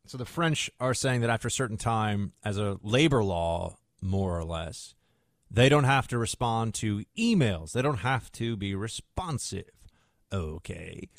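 A man's voice: lowish voice, expressive, a little slow, creaky, no room sound, clean studio sound. A man hosting a talk radio show, rambling through sarcastic asides in a casual monologue.

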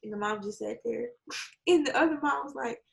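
Woman, casual chat, animated storyteller, gravelly fry, higher pitch. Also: moderate pace, low-quality recording. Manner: animated storytelling, acts out quotes; swears casually, laughs often.

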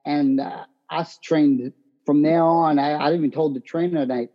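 A brash boxer tells his fight stories with lively energy. His voice sits a little high for a man. The audio is muffled and lo-fi. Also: a little fast. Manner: brash, animated storytelling. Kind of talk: interview answers.

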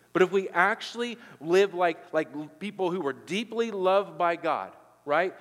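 Male pastor, sermon delivery, higher-than-average voice, wide swings from emphatic to hushed; long-reverb hall. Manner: swings from loud emphatic preaching to soft intimate appeals.

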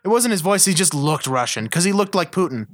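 A man's voice: high voice, expressive, a little fast, a bit bright, no echo, studio quality. A man co-hosting a casual movie-review podcast, blunt and sarcastic, swearing freely. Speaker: podcast co-host.

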